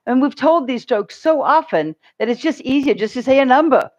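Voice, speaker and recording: A man's voice: extremely high pitch, lively intonation, brisk, dull audio, voice pushed up. A woman putting on a cheerful old abbot. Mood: amused. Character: cheerful older male monastery abbot.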